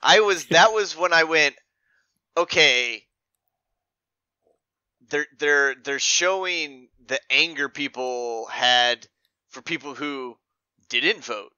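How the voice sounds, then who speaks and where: A man's voice: on the high side, takes it slowly, long pauses, sharp tone, smooth, no room sound, lo-fi sound. An American man co-hosting a podcast, recapping a TV episode in rambling casual chat full of "like" and restarts that trail off. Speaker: podcast co-host.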